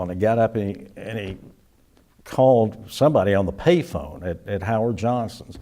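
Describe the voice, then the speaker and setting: A man's voice: lowish voice, expressive, normal speed, dark tone. An older man, a musician, reminiscing in a casual interview, rambling with many restarts and chuckles.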